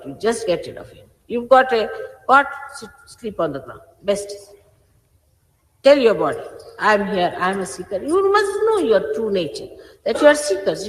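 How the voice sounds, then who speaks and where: A woman, a spiritual teacher, gives an informal, emphatic sermon, admonishing her followers. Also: mid-range voice. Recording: echoey hall with faint hiss.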